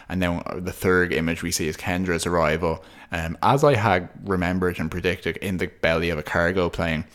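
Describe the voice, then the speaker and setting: A man's voice: low voice, fairly bright tone. A man co-hosting a podcast, talking at length in casual, thoughtful analysis with frequent restarts. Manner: talkative, thoughtful, many restarts. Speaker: podcast co-host.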